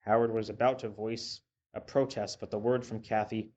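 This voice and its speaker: A man reading a story aloud in a steady, measured narration. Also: lowish voice. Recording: dull lo-fi with faint hiss.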